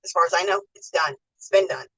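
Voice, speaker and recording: Chatty, husky-voiced American woman host. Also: fairly low pitch, steady tone, fast talker, a bit bright, far from the mic, poor audio. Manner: chatty, reads viewer comments aloud and laughs often. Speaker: livestream host. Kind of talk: casual livestream chat.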